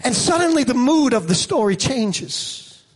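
High-voiced male pastor preaching with fire. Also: sing-song, unhurried, slightly rough. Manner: swings from quiet musing to shouted, rising preaching. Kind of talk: sermon. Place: church.

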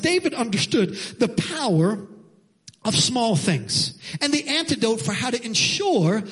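High, husky-voiced male pastor preaching. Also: sing-song, measured pace, fairly bright tone. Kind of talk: sermon with personal story.

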